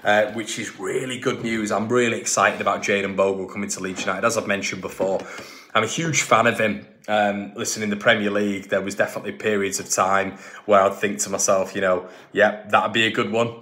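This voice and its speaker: A man's voice: on the low side, level tone, a little fast, sharp tone. A man hosting a football fan channel, talking casually and emphatically and often repeating himself and restarting lines.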